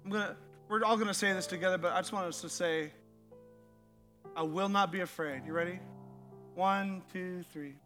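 A man preaching a sermon as pastor, animated and full of "like", leading the congregation in spoken declarations. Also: sits high, a little fast, soft background music. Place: church auditorium.

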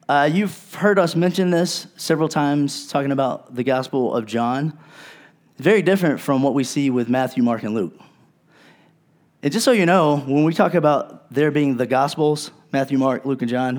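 A male pastor preaching a sermon in a conversational, earnest way, with casual asides to his congregation. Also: mid-range voice.

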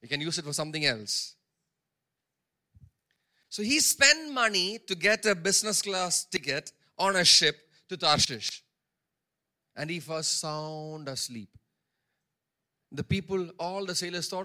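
Emphatic high-voiced male pastor preaching. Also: expressive, measured pace, long pauses, sharp tone. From India. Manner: emphatic, repeats phrases for stress; acts out characters' words in his own voice. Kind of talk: sermon.

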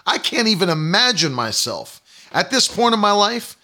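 A man's voice: high voice, big pitch swings, moderate pace, bright, forceful tone. A man in his thirties preaching a sermon, emphatic and repetitive, mocking the doubters he quotes. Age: 30s. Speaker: pastor.

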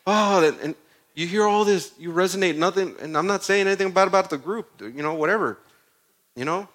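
A man preaching a sermon in a conversational, animated way, full of asides and stories. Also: high voice, brisk.

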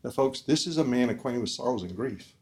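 A man giving an earnest preaching talk at a forum, asking the audience questions and swinging between loud emphasis and soft, quiet lines. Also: mid-range voice, lively intonation, a little fast. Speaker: speaker at a discipleship forum.

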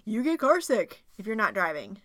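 A woman in her forties chatting casually with her husband, rambling and halting as she talks. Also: mid-range voice, sing-song, dry recording, studio quality. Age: 40s. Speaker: wife in a casual couple's chat. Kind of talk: casual chat.

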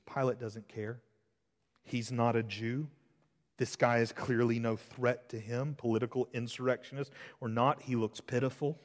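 A man's voice: mid-range voice, little pitch movement, normal speed. Preaching man in a reverberant hall. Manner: swings between loud emphasis and hushed intensity. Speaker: pastor. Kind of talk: expository sermon.

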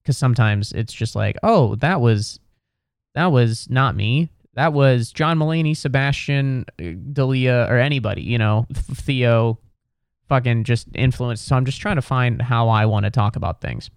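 A man's voice: medium pitch, moderate pace, creaky, clear, resonant tone, no room sound, studio quality. A young man from Ohio rambling sardonically on his solo podcast, slipping into mocking voices. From Cincinnati, Ohio. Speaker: podcast host. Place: New York City.

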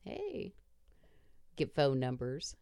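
Bawdy woman podcast host, lively voice. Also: rumbling low, extremely slow, vocal fry, clear, resonant tone, no echo, studio quality. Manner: bawdy, laughing, self-mocking. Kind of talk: casual chat.

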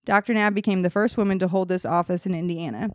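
A woman's voice: fairly low pitch, steady tone, quick pace, no room sound, studio quality. A woman hosting a podcast, reading a history story from notes and breaking into laughing banter with her co-hosts.

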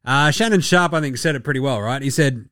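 An Australian man hosting a sports podcast, talking in a profane, joking, excitable way. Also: mid-range voice, a little fast, no echo, studio quality. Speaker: podcast host. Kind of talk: casual sports commentary.

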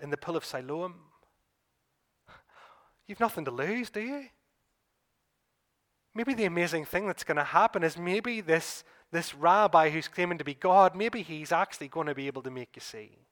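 A man preaching a sermon as pastor, retelling a gospel story vividly and speaking to listeners as "you", building to excited peaks and then dropping quiet. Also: on the high side.

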